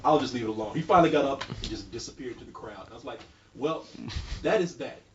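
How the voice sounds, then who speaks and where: A man telling a story in casual chat, animated and laughing as he goes, swearing freely. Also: medium pitch, quick pace, slight background noise. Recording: roomy, distant, muffled.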